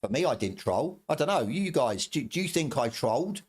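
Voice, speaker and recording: A man's voice: medium pitch, big pitch swings, moderate pace, slightly rough. Fired-up guy ranting on stream, cusses a lot, trips over his words, middle-aged. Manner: heated, swearing, repetitive, stumbling restarts. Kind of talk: angry ranting commentary.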